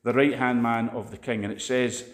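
A man's voice: mid-range voice, steady tone, moderate pace, reverberant. A man with a Scottish accent preaching a conversational sermon, telling stories in a chatty, anecdotal way.

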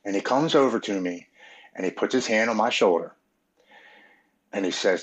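Low-voiced man telling his recovery story. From Maryland. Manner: earnest, halting, emotional storytelling. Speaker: podcast guest. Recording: dull, muffled audio.

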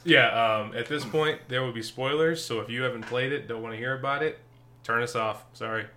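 Brief: male co-host, bright and forceful voice, laughs often, casual game talk. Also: mid-range voice, fairly quick, a little hiss or hum. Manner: laughs often, hesitant with ums. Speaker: podcast co-host. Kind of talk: casual gaming chat.

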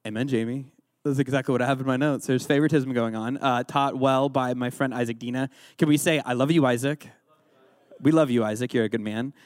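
A man's voice: mid-range voice, steady tone, fairly quick, no room sound, studio quality. A man leading an interactive Bible lesson as a youth pastor, quizzing his listeners and joking along the way. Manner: playful, joking, quizzes the audience.

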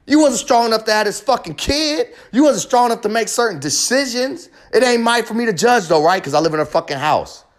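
A man's voice: extremely high pitch, lively intonation, brisk, few pauses. A man delivering a confessional monologue in a heated, profane, emphatic rant, hammering home short repeated phrases.

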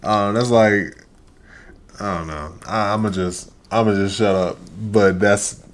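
A man's voice: lowish voice, steady tone, measured pace. A young man co-hosting a podcast with his wife, speaking in a laid-back, slightly sleepy way and often repeating his words. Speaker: podcast co-host. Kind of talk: casual chat.

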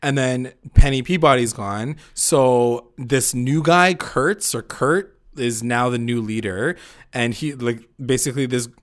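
A man's voice: mid-range voice, unhurried. Chatty man recapping a show. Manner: chatty, filler-heavy, laughs often. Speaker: podcast host recapping episodes. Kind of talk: casual chat.

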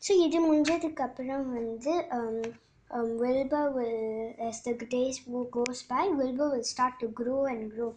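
Fast-talking woman retelling a book. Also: high voice, steady tone, slight background noise, poor audio. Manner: mixes English and Tamil, hesitant with many restarts. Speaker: vlogger.

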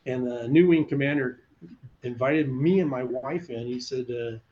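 The recording is muffled, with a little hiss or hum, capturing an older man of medium pitch talking at a moderate pace. A former fighter pilot, he animatedly relates stories in a conversational interview and imitates the voices of those he quotes.

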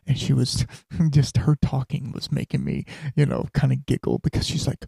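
A man's voice: medium pitch, steady tone, a little fast, vocal fry, hardly any pauses, warm tone, slightly rough, dry recording. A man hosting a podcast, telling a personal story in a candid, rambling way and dropping to a whisper when he quotes his own thoughts. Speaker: podcast host.

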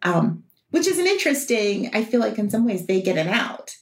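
Chatty woman with a lively voice. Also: medium pitch, a little fast, creaky, echoey room. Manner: chatty, many "like" fillers, laughs often. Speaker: therapist co-host. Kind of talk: casual chat.

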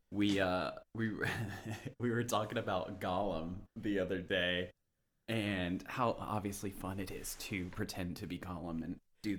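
A man co-hosting a casual chat, enthusiastic and playful. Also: sits low.

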